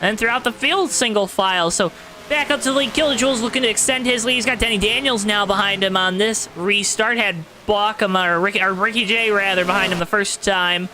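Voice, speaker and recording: A man's voice: sits high, brisk, music in the background, low-quality recording. A man calling an online sim race play-by-play in a put-on announcer voice, talking straight to the folks watching. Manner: exaggerated announcer voice, talks straight to the audience. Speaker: race commentator. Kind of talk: play-by-play sim racing commentary.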